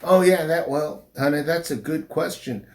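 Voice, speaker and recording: A middle-aged man, a pastor, speaking slowly and haltingly in an interview, with a slight southern drawl since his stroke. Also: fairly high pitch. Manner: slow, halting speech with restarts after a stroke. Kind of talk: personal interview.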